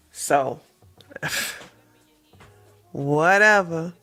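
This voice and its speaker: Woman livestream host, casual sarcastic commentator, slow pace, somewhat high. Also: soft background music. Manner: animated, laughing often, sarcastic asides. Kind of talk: casual commentary reading chat.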